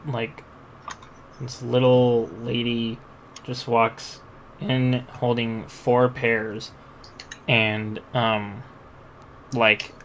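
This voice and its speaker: A man's voice: medium pitch, little pitch movement, drawn-out words, pauses often, a little hiss or hum. Laid-back man telling a story. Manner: laid-back, laughs through his story. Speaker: podcast co-host. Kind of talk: casual storytelling.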